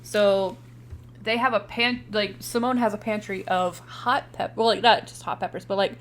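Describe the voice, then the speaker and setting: A woman's voice: mid-range voice, steady tone, moderate pace, a little hiss or hum. Chatty young woman recapping a movie. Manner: chatty, swears casually, laughs often. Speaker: podcast co-host. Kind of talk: casual chat recapping a movie.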